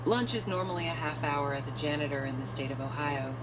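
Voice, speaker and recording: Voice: medium pitch, a little fast, natural voice. A performer playing a stern female police detective in an amateur audio drama, pressing a suspect with accusatory questions. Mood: interrogating. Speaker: interrogating detective. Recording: noisy amateur recording with ambience.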